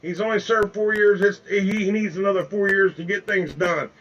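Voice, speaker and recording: An older man with four grandsons, a political video blogger, delivers an impassioned rant straight to camera from home, with flags in the background. His high-sitting voice is steady and fairly bright at normal speed, on lo-fi audio, and he's angry, repetitive and folksy, calling viewers folks.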